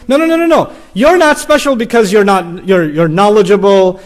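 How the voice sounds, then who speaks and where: A man's voice: high voice, moderate pace, few pauses. A man giving an earnest, conversational sermon in a mosque, acting out the inner voices of his listeners. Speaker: preacher. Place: mosque hall.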